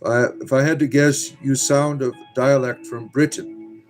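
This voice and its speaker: A man's voice: medium pitch, steady tone, moderate pace, faint music behind. A man hosting a livestream, reading and answering viewer comments bluntly and sarcastically, cursing freely. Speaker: livestream host reading chat. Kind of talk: casual livestream chat.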